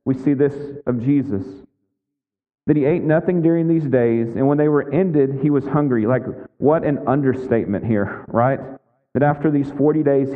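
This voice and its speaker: A man preaching a sermon as pastor in a conversational way, with frequent asides asking his listeners. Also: mid-range voice. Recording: tinny lo-fi sound in a big echoing hall.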